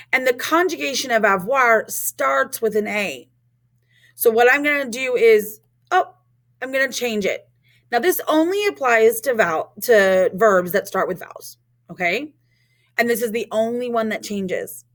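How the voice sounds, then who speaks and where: A woman teaching French in a recorded lesson, modeling words clearly and asking learners to repeat after her. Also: fairly high pitch, fairly bright tone.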